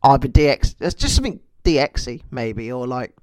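Man co-hosting, mid-pitched, dry studio sound. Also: expressive, moderate pace, a little mellow, no room sound. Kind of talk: casual chat.

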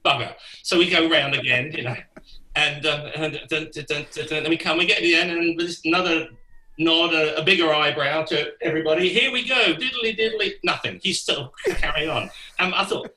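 Older man, lively anecdote-teller, bright slightly high voice, roomy echo. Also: a little fast, slight background noise. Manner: animated, acts out quoted voices, laughs through the story. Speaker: guest musician. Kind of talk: anecdotal storytelling.

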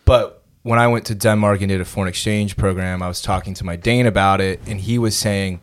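Low-voiced young man, dry close mic. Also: steady tone, brisk, smooth, dry recording. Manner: explains earnestly, lots of filler likes. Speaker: podcast co-host. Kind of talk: casual chat.

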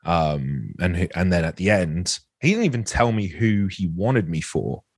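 A man's voice: deep voice, breathy edge, no echo, studio quality. A man in his forties, an actor guest speaking candidly in an interview, often restarting his sentences. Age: 40s. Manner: candid, halting, with many restarts.

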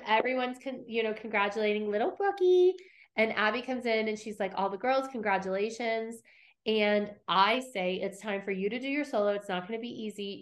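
This casual podcast's middle-aged host talks into her mic with an ordinary, mid-range voice while going over old episode scenes. Her storytelling is lively: she acts out each line of dialogue and swears without holding back.

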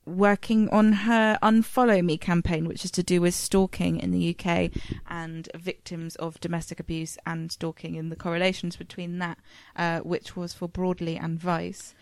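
A woman co-hosting a casual podcast, chatty and quick to laugh, trailing off with fillers. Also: lowish voice, flat delivery, dry recording. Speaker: podcast co-host.

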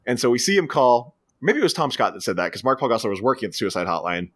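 Speaking very fast in a sing-song, medium-pitched voice, a male podcast co-host chats casually about a film, recounting scenes and leaping into quoted voices.

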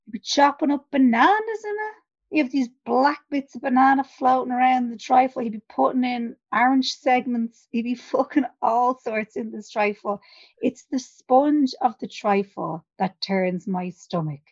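A blunt Irish woman co-hosts a chat podcast, swearing freely and laughing loudly. Her voice sits a touch high. Her sound is a little dull and muffled. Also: normal speed. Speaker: podcast co-host. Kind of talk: casual chat.

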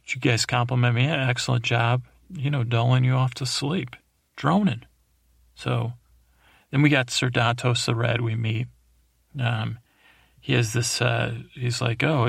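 A man's voice: medium pitch, gravelly, fairly bright tone, no echo, clean studio sound. A man hosting a sleep podcast, rambling and meandering through an episode recap with drowsy, self-deprecating asides. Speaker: podcast host.

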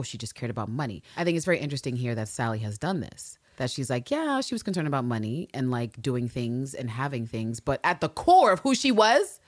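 A woman's voice: a bass voice, dry recording, clean studio sound. A woman hosting a podcast, chatting casually and animatedly about a TV show, cursing and laughing freely. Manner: animated, profane, laughs often. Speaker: podcast host. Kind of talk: casual TV recap chat.

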